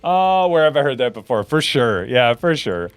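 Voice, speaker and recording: A man's voice: medium pitch, sing-song, normal speed, clean tone, no echo. An American man from the United States hosting a live Q&A, chatting loosely with lots of restarts and fillers, answering viewer comments. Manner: rambling, lots of restarts and fillers, laughs often. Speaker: host.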